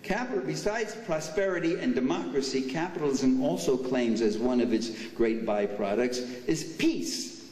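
A man's voice: mid-range voice, lively intonation, moderate pace, a little mellow. An older man giving a political speech at a banquet, sarcastic and full of mocking asides. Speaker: speaker at a banquet. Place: banquet hall. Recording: echoey hall from far off.

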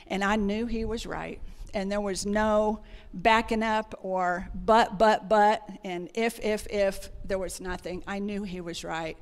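A woman's voice: medium pitch, fairly even intonation, slow. Woman preaching in an echoing church. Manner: personal storytelling with frequent fillers. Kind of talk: conversational sermon. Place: church sanctuary.

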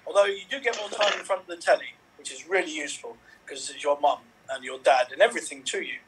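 A man's voice: on the high side, quick pace, a bit bright, breathy edge. A man voicing a cheery Irish Canadian man raised by television, with a playful, put-on Irish accent. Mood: cheeky. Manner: sing-song, playful, cheeky. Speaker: improv performer. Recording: distant from the mic.

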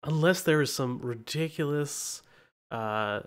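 A man's voice: on the high side, slow pace, smooth. Laughing, teasing podcast host, a man. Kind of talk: casual podcast chat.

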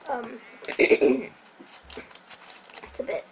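A woman casually commenting on her gameplay, rambling and correcting herself, sometimes dropping to a soft whisper, her voice a bit strained. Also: extremely slow, noisy background. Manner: rambling, self-correcting, chatty. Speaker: Minecraft let's player.

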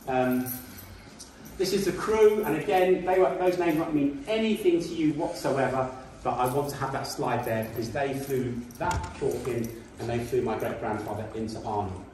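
A man's voice: medium pitch, moderate pace, darkish tone, a little hiss or hum. Chatty man in an echoey hall. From Britain. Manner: chatty, indignant asides, frequent ums. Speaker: guest speaker. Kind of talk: informal history talk with slides. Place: school hall. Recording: echoey hall, distant mic.

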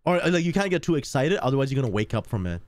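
A man's voice: mid-range voice, sing-song, racing, no room sound. A man streaming a game, chatting casually with viewers in rambling, slangy, cursing talk.

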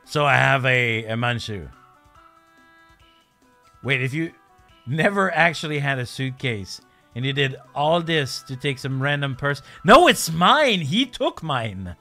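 A man's voice: medium pitch, big pitch swings, measured pace, sharp tone, faint music behind. A man giving casual, joking commentary while playing a language-learning game, laughing often.

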